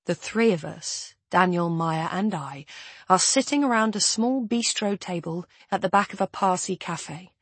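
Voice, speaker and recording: Brief: woman audiobook narrator, unhurried, breathy tone, dry close recording. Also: on the low side, animated, no echo. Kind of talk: first-person scripted narration.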